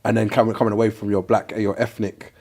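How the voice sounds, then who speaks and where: A man hosting a casual podcast, asking questions in halting, restarting phrases. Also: on the low side, level tone, a little mellow. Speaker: podcast host.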